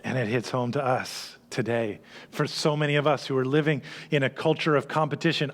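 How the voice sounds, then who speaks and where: A man preaching a sermon as a church pastor, earnest, dropping to hushed tones and then rising to emphatic peaks. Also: mid-range voice, fairly even intonation, fairly quick.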